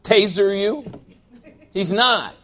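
A man's voice: high voice, slow, bright, forceful tone. A pastor preaching a sermon in a loose, conversational style, calling for amens from the congregation and briefly mimicking people as he talks.

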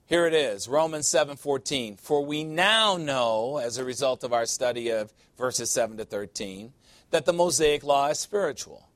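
This pastor's voice is mid-range and fairly bright, animated and moderately paced, captured in a dry recording. Preaching in a church sanctuary, he calls for amens call-and-response style and jokes with the congregation between points.

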